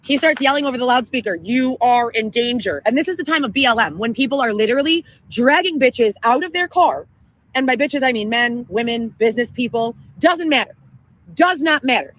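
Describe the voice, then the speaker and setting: Woman, livestream rant, profane, excitable, high pitch, bright tone. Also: low-quality recording. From Chicago area, Illinois. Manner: profane, excitable, rapid storytelling. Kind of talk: ranting livestream monologue.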